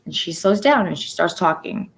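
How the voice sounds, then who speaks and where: A woman in her forties giving a personal livestream update, soft-spoken and halting, often dropping to a near-whisper. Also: lowish voice, expressive, gravelly, breathy edge, rough recording. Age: 40s. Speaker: livestream host.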